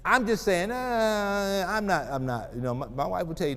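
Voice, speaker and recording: A man's voice: high voice, moderate pace, hardly any pauses. A man giving a humorous, preacher-like motivational talk to parents, calling out to the crowd. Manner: humorous, animated, call-and-response. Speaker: parenting speaker at a family expo. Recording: reverberant hall.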